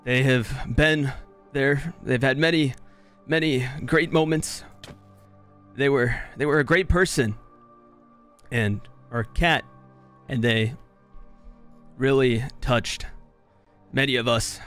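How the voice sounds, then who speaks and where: A man leading a joking funeral, speaking in a halting, mock-solemn way with restarts. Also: medium pitch, a bit bright, smooth, faint music behind. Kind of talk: playful mock-solemn speech.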